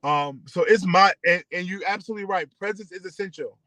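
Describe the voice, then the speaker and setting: A man's voice: sits high, fairly quick, bright, forceful tone, no echo, low-quality recording. A man hosting a community radio station, speaking earnestly with preacher-like repetition as he rallies his listeners. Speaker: internet radio station host. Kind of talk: passionate community address.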